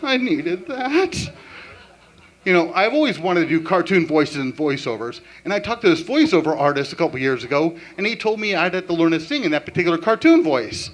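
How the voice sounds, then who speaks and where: A man performing a stand-up comedy set with an animated, punchline-driven delivery. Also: fairly high pitch, fast talker, hardly any pauses.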